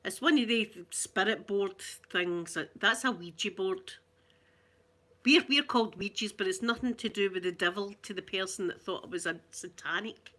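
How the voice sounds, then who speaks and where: A woman's voice: medium pitch, normal speed, a bit bright. A Glaswegian woman hosting a casual live chat, chatty and rambling, laughing often. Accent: Glaswegian Scottish. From Glasgow, Scotland.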